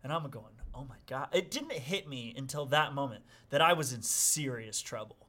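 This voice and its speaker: A middle-aged man casually telling a story on a podcast, acting out the people he quotes with sudden loud outbursts. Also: medium pitch, animated, moderate pace. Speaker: podcast guest.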